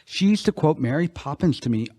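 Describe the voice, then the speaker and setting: A man's voice: on the high side, lively intonation, fairly quick, dark tone, no room sound. A man co-hosting a podcast, reflecting on a film in a conversational way, with dry asides. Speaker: podcast co-host. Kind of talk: casual film discussion.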